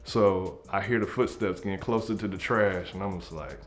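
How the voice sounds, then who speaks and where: A young man telling a comedic story from his childhood, acting out the scenes and dropping into hushed tones. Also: low voice, normal speed, soft background music. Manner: animated, acts out scenes, drops to hushed tones. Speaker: comedy group member.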